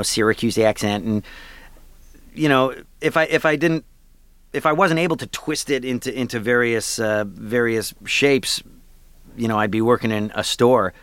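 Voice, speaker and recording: A man's voice: medium pitch, fairly bright tone, clear, resonant tone, dry recording. A man, a voice actor, chatting in a radio interview in a self-deprecating way with fillers and laughs. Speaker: voice actor guest.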